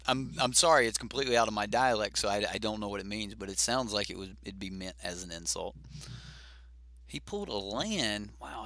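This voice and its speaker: A low-pitched man with a gravelly, bright-edged voice, casually commentating a card game. He thinks aloud with frequent fillers, recorded dry and close. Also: no room sound. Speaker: host.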